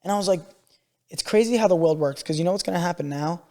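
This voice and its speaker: A man's voice: high voice, quick pace, dark tone, big-room sound. A man co-hosting a podcast, telling stories animatedly and swearing freely in casual chat. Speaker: podcast co-host.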